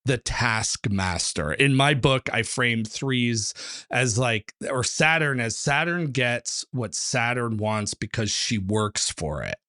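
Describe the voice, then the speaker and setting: A man, a numerology author and teacher, talking as a guest in a casual interview and telling stories with lively acted-out quotes. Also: medium pitch, takes it slowly, no room sound, clean studio sound. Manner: animated storyteller, acts out quotes, many fillers.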